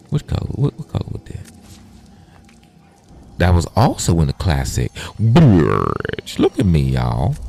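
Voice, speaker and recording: Very deep gravelly man, profane and playful. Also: warm tone. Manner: profane, playful, chats to viewers. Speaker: gaming streamer. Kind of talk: casual livestream gameplay chat.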